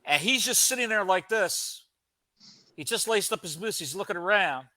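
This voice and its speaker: Animated high-voiced man telling stories. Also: no room sound. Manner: animated, comic storytelling with dramatic pauses. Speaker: podcast co-host. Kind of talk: casual storytelling.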